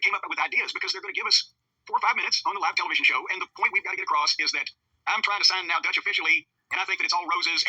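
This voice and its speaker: A man, telling a long profane story fast and acting out the quotes. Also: sits high, sharp tone, slightly rough, no echo, dull audio. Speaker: podcast host telling a wrestling story. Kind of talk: profane storytelling, casual chat.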